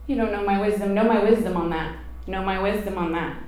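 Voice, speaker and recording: A woman voicing God, speaking low and slowly with firm, repeated insistence. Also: darkish tone, heavy reverb, close to an everyday voice. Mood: solemn.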